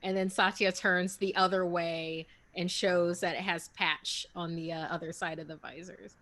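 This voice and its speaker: A woman's voice: on the low side, little pitch movement, moderate pace, a bit bright, low-quality recording. A woman player speaking in character in a tabletop game, playful and hesitant.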